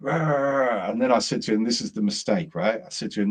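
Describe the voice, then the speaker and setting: A man's voice: on the low side, moderate pace. A middle-aged man, co-hosting and telling a long rambling story in casual chat. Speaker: co-host.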